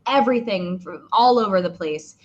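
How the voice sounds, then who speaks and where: A woman voice actor talking casually in an interview, chatty with many fillers and restarts, with a slightly rough morning voice. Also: mid-range voice, moderate pace, a little mellow, dull audio. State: morning voice, clearing throat. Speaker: voice actor guest.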